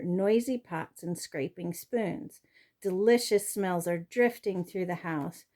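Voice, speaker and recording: Slow, mellow woman reading a storybook. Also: fairly low pitch. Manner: expressive, storytelling delivery. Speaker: reader. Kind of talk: reading a children's chapter book aloud.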